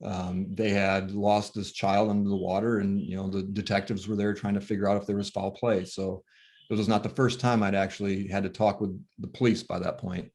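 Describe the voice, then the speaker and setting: A soft-spoken man with a fairly low voice tells a painful personal story as a grieving father. He talks haltingly, pausing often and falling back on fillers. His voice sounds worn and tired. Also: flat delivery.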